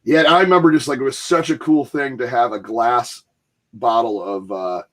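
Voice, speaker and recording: A man's voice: medium pitch, normal speed, a bit bright. Laughing man in casual chat. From Michigan, US. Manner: rambling, laughing, acts out quoted voices. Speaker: podcast host.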